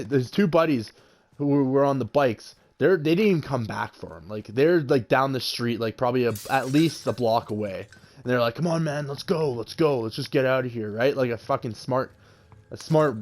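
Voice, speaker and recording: A young man casually telling a story about a confrontation, swearing freely and raising his voice when he quotes people. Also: mid-range voice. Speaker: vlogger.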